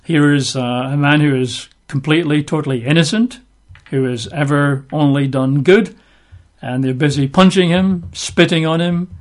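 Male Bible teacher, conversational sermon, a touch high-pitched, wry. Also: normal speed. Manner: chatty, wry asides between scripture readings.

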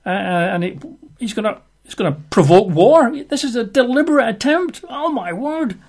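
A man's voice: expressive, heavily acted. A man voicing a frantic, fearful ancient king in a dramatized Bible reading during a sermon. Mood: panicked. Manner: high, agitated, rushed exclamations.

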